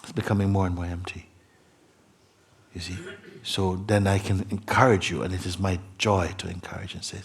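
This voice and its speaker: A man, a spiritual teacher, speaking earnestly to a seeker, moving between soft murmurs and emphatic, laughing passages. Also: deep voice, little pitch movement, normal speed, creaky, slightly rough. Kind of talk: satsang talk to a seeker. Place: meeting hall.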